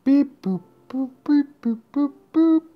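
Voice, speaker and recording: A man's voice: very high voice, slow pace, phone-quality sound, pitched above the performer's own voice. A man voicing a shelter computer, chanting beeps in a sing-song tone. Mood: beeping. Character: beeping shelter computer voice, machine.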